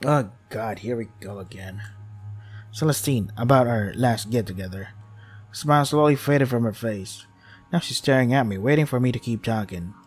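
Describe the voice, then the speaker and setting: A man's voice: mid-range voice, normal speed, faint music behind. A man reading a visual novel aloud, with wry asides that include swearing. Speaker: game streamer.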